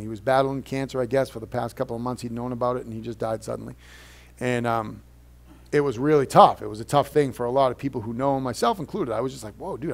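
A middle-aged man preaching a sermon while sick, talking casually and then rising to loud, emphatic stretches. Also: mid-range voice, gravelly. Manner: conversational preaching, swings from quiet to loud and emphatic. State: sick with a cold. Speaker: pastor.

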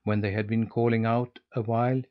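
Guy reading an old storybook out loud, steady and even, bit muffled. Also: on the low side, brisk. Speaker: audiobook narrator. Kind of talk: scripted storybook narration.

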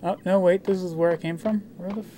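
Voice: medium pitch, fairly even intonation, fast talker, mellow, slight background noise. A streamer giving live, rambling commentary on a game, full of sarcastic asides.

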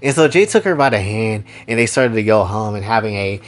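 A man's voice: lowish voice, lively intonation, fairly quick. A man casually retelling a story in a loose, slangy way.

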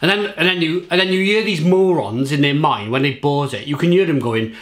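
A man's voice: fairly high pitch, fairly quick. Give me a British man ranting angrily to camera, swearing and rambling. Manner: sweary, rambling, repeats himself. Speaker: beer reviewer and pub manager. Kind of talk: angry rant to camera.

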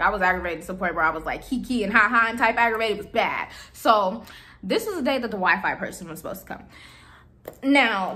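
A young woman in her twenties casually retelling a story to her viewers, animated and exasperated, acting out the dialogue. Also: mid-range voice. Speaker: vlogger telling a storytime.

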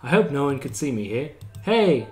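A man's voice: medium pitch, expressive, fast talker. A young man steadily reading a visual novel aloud as a first-person narrator for his channel. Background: faint guitar music.

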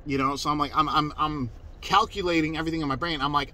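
A man's voice: fairly high pitch, fairly even intonation, fast talker, bright, forceful tone, slight background noise, rough recording. A man telling a personal story in a casual, emphatic way, cursing freely and restarting his sentences. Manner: profane, emphatic, self-interrupting.

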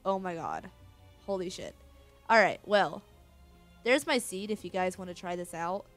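A woman's voice: fairly low pitch, moderate pace, faint music behind. A woman casually commenting on her own video game play, counting aloud and cursing freely. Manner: counting aloud, swears, bursts of excitement. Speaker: gaming channel host.

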